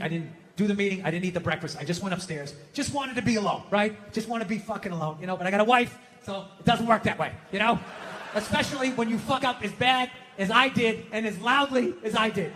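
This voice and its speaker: Middle-aged man, Boston accent, stand-up comic with a very high voice, profane and ranting, faint hiss behind. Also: bright, forceful tone. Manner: profane, ranting, self-mocking, acts out voices. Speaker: stand-up comedian. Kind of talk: stand-up comedy routine.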